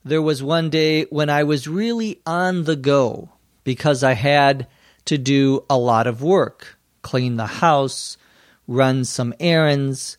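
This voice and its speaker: A male teacher explains English phrases to learners, speaking slowly and clearly. He sounds close to the mic in a dry room with no echo. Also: medium pitch. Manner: slow, clear explaining with acted example lines. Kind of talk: scripted explanation for language learners.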